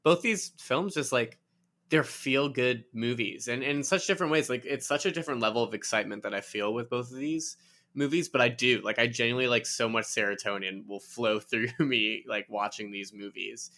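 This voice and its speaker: A man's voice: medium pitch, fairly quick, sharp tone. A man co-hosting a podcast who talks about films in an enthusiastic, playful way. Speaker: podcast co-host. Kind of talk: casual movie discussion chat.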